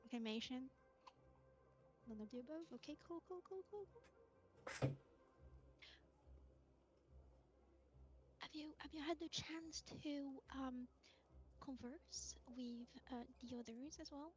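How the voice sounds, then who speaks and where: A woman's voice: high voice, measured pace, long pauses. A woman playing a polite, unsure female adventurer with a French accent in a tabletop role-play, hesitating and searching for words. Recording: dull lo-fi mic.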